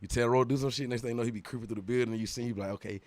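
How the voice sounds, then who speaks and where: A young man, a guest musician, telling an animated story in a casual interview, full of profane street slang. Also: mid-range voice, rapid-fire, dry recording.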